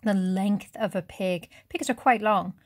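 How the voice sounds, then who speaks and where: A woman's voice: medium pitch, unhurried, no echo, natural voice. Matteo, a woman voicing a cocky French boy. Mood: instructing. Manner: curt, teasing, matter-of-fact. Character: blunt, cocky French boy rooftop dweller.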